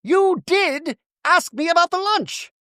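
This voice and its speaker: A man voicing a frazzled, emotional reality-TV woman in a shrill, exaggerated falsetto. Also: very animated, a little slow, fairly bright tone, no echo, clean studio sound, heavily acted. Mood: exasperated.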